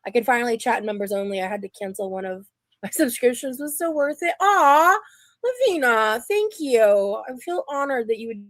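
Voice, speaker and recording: A woman's voice: a little high, animated, a little fast, dry recording. A young adult woman streaming live, chatting casually and rambling with restarts and fillers.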